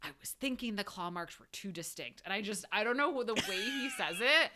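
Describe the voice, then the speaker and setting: A young woman co-hosting a casual podcast chat, playful and giggly, quick to agree. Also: mid-range voice, lively intonation, noisy background. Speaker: podcast co-host.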